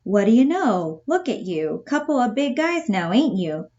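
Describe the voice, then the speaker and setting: A woman reading the part of a brash gangster uncle in his thirties, gruff and cocky, on a dull lo-fi recording. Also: a little high, very animated, normal speed, a little mellow, voice pushed up. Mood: brusque.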